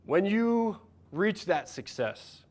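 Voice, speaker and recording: Energetic man coaching a live audience. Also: high-pitched, slow. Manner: energetic, encouraging, asks the room questions. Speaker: mental performance coach. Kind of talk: workshop talk to a live audience.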